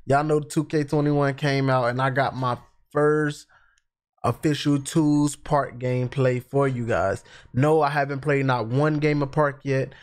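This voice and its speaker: A man's voice: mid-range voice, steady tone, unhurried. A man, a gaming YouTuber, gives hyped, chatty live gameplay commentary and talks straight to his viewers. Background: music.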